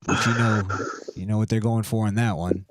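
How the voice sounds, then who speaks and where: A man's voice: on the low side, steady tone, fairly quick, slight background noise. A man hosting a podcast, chatting loosely and rambling while reading items aloud. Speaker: podcast host. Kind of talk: casual podcast chat.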